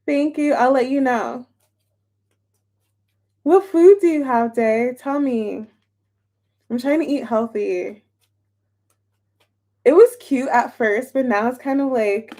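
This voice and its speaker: A woman's voice: a little high, a little mellow. A young woman chatting casually on a live stream as a tarot reader, bubbly and chatty and greeting viewers by name. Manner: chatty, bubbly, reads chat names aloud.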